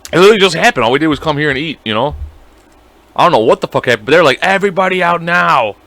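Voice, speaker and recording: A young man co-hosting a podcast in casual chat, animated and profane, acting out voices as he tells stories. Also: fairly high pitch, very fast, creaky, no echo. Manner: animated, swears a lot, acts out voices. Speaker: podcast co-host.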